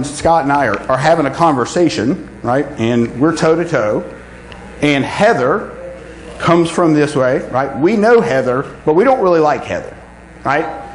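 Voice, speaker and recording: A man with a fairly high, lively voice gives a talk to a room full of people. He keeps checking in with "right?". The sound is echoey with a faint hum. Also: unhurried. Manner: animated, asks "right?" often. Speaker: conference speaker. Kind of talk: live talk to an audience. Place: conference room with audience.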